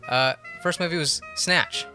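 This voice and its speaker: Guy hosting a movie podcast, bright voice, kinda rambly, faint guitar in the back. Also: a little high. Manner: rambling, laughs often, quick tangents. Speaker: podcast host. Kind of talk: casual movie-discussion chat.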